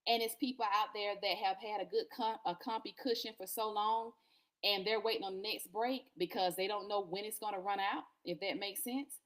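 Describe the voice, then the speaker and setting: A woman's voice: mid-range voice, steady tone, normal speed, a bit bright. Earnest woman host of a faith talk. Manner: earnest, repetitive, encouraging, laughs often. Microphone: podcast or livestream mic.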